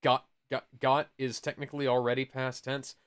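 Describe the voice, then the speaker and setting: A man's voice: medium pitch, little pitch movement, normal speed, fairly bright tone, smooth. A man co-hosting a podcast, reading a kids' book aloud and stopping for asides and corrections. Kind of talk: casual comic read-aloud.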